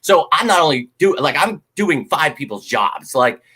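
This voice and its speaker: A man's voice: a little high, moderate pace, husky. A man hosting a sports fan channel, chatting casually and bluntly with viewers, swearing freely and getting worked up. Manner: animated, blunt, swears, talks straight to viewers. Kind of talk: casual live-stream chat.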